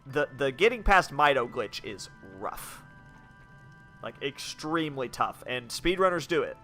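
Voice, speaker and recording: Bright-voiced rambling young man gaming. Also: medium pitch, lively intonation, unhurried, faint music behind. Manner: rambling, many "like"s and restarts. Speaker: game streamer. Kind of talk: casual let's-play commentary.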